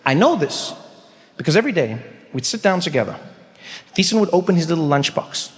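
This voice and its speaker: A man from South Africa telling a stand-up comedy story, acting out voices with big jumps in pitch. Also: big pitch swings, a little fast. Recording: large hall with long reverb, faint ambience.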